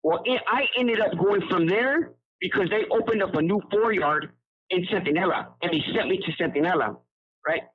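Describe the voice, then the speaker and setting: A man's voice: high-pitched, normal speed, breathy edge. A man telling a story casually over a phone call, using street slang and rambling with restarts. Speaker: incarcerated storyteller. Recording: tinny prison phone line.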